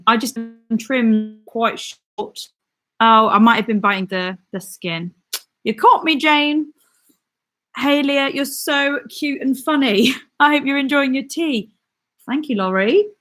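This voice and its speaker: A woman's voice: medium pitch, fairly bright tone. Chatty young woman hosting a live stream. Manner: chatty, reads viewer comments aloud and answers them; often laughs and corrects herself mid-sentence. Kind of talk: casual live-stream chat.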